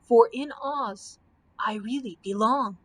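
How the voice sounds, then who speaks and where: A woman voicing a gentle, earnest male scarecrow who rules as emperor. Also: on the high side, takes it slowly, rough recording. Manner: earnest, dejected.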